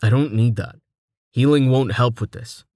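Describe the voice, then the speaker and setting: A man's voice: medium pitch, moderate pace, a little mellow, no room sound, clean studio sound, natural voice. A man voicing a worn-out young male adventurer in an audiobook, speaking in weary, clipped sentences. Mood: tired.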